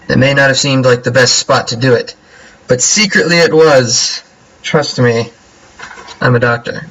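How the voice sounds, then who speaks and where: A young man casually commentating his own card game as he plays, joking and thinking out loud. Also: mid-range voice, steady tone, measured pace, highs cut off, slight background noise. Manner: playful, jokey, talks to himself while playing. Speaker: gameplay commentator.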